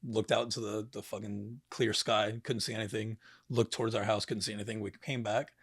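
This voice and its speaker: Young man, podcast guest, low gravelly voice, loose rambling delivery, dry close mic. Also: level tone, fairly quick, fairly bright tone, dry recording. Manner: rambling, swears often, many fillers. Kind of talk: casual podcast chat.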